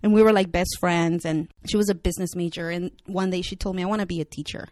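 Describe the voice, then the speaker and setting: A woman's voice: fairly low pitch, steady tone, fast, darkish tone, no room sound. A young woman with a Spanish accent, chatting candidly as an interview guest with lots of filler words. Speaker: actress and writer guest. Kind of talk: casual interview talk.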